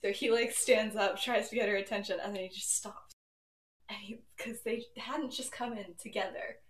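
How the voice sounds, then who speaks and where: Speaking at a normal pace in a steady, mid-range voice, a young woman tells a story on her podcast, giggling and chatting with plenty of fillers. She's distant from a badly set home microphone, so there's roomy echo and a faint hiss or hum.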